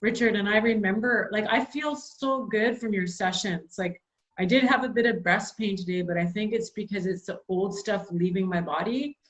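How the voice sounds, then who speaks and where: A woman's voice: medium pitch, normal speed, poor audio. Woman, forties, host on a video call, gushing and chatty. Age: 40s. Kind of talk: casual video call chat.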